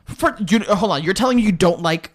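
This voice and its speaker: A man's voice: high voice, expressive, brisk. A man co-hosting a podcast, reacting with disgust and exasperation. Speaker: podcast co-host. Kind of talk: casual crude banter.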